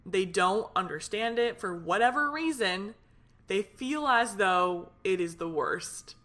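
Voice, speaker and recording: A young woman talks alone into her podcast mic, worked up and chatty. She rambles through fillers and restarts. Her voice sits at a middle pitch. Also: slow pace. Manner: fired up, animated, rambling with many fillers. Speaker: podcast host. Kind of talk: casual solo podcast venting.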